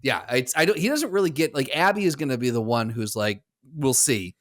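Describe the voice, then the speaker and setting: A man's voice: mid-range voice, big pitch swings, fast talker, fairly bright tone. A man co-hosting a casual podcast, rambling through his stories with restarts and chuckles. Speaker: podcast co-host. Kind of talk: casual chat.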